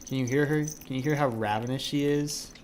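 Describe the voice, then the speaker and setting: Man, game streamer, casual chatty talk, soft doting voice to his pet, mid-pitched, faint background hiss. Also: steady tone, fairly quick. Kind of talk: casual live-stream chat. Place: home desk at a computer.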